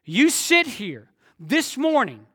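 A man's voice: extremely high pitch, very animated, slow, fairly bright tone, slightly rough. A man preaching a Sunday sermon, repeating key phrases for emphasis and drawing out his words. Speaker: pastor.

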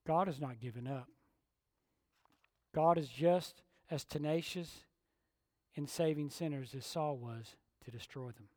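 Emphatic high-voiced male preacher. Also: measured pace, pauses often, no echo, clean studio sound. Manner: emphatic, swinging between loud declaration and hushed tones. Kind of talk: sermon.

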